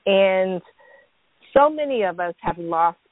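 A woman's voice: medium pitch, animated, takes it slowly, no room sound. A woman hosting a talk show, chatty and enthusiastic, reading sponsor messages with fillers. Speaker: host. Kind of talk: casual podcast talk. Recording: tinny phone-like sound.

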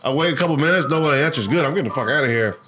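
Profane, animated man telling stories. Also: on the high side, very fast, over music. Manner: profane, animated storyteller acting out quotes. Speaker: podcast co-host. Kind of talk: casual storytelling chat.

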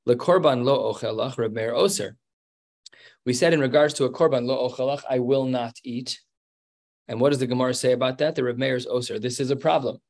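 A man's voice: mid-range voice, quick pace. A man teaching a Talmud lesson in an explanatory, conversational way, with fillers and restarts.

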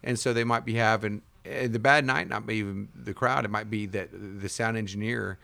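A man with a somewhat low voice talks casually as a show guest. He rambles from point to point and animates his stories by putting on other people's voices. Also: normal speed, gravelly. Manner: rambling, animated, breaks into impressions. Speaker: guest, bartender and bass player. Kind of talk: casual chat.

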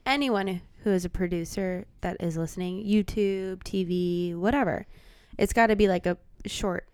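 A woman co-hosting a podcast, talking in animated, joking casual chat, full of "like". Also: medium pitch, normal speed, clear, resonant tone, dry recording. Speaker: podcast co-host.

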